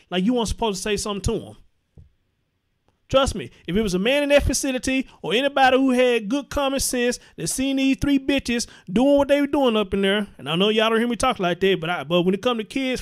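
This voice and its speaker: Host, male, high-pitched, blunt and profane live commentary, repeats lines for emphasis.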